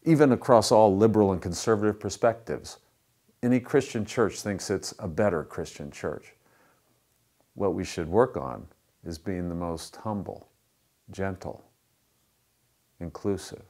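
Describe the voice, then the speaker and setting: A man with a fairly low voice preaches a sermon. His tone is conversational and relaxed, and he works lighthearted jokes into his teaching. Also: measured pace, pauses often. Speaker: pastor.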